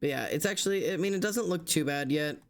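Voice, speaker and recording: A man's voice: fairly high pitch, fast. A young man streaming, exhausted and yawning, talking casually and apologetically to his chat.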